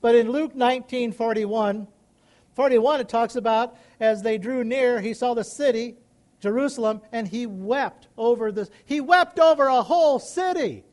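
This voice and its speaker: Man, pastor, sermon, high-pitched, emphatic, questioning the congregation. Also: moderate pace, a little mellow. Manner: preaching, rising into emphatic calls and questions.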